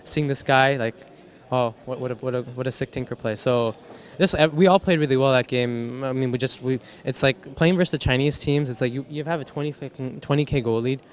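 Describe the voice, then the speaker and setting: A man's voice: mid-range voice, fairly quick. A young man, a professional gamer, answering post-match questions in a loose, rambling way with restarts and casual swearing. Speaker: professional esports player.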